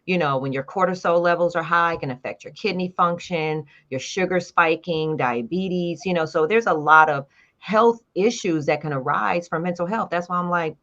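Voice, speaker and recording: A woman guest in a casual interview, telling a long story with lively acted-out quotes. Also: fairly low pitch, normal speed. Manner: animated storyteller acting out quoted dialogue. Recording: dull lo-fi sound.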